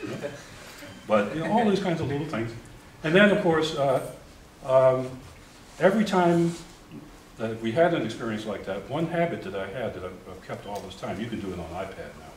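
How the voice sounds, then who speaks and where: An older man from the United States, a guest speaker at a forum, telling lively, humorous anecdotes with chuckles and restarts. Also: medium pitch, normal speed, a little hiss or hum. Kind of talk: storytelling talk at a forum. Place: lecture hall. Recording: roomy, distant mic.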